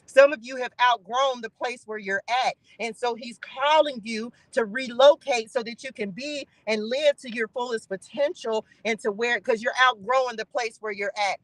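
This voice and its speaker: A woman's voice: on the high side, moderate pace, few pauses, no echo, low-quality recording. A woman hosting a channel who delivers an informal spiritual message. She preaches, calls out to the Spirit and repeats phrases for emphasis. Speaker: spiritual reader and channel host.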